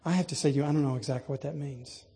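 A man preaching a sermon in a large church, telling stories earnestly and building to animated emphasis. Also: medium pitch, very fast. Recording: long reverb of a church.

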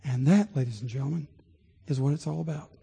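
A pastor preaching a sermon to his congregation in a large church, building to emphatic points and dropping to a hushed prayer. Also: fairly high pitch, fast talker, vocal fry, slightly rough. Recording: long hall reverb.

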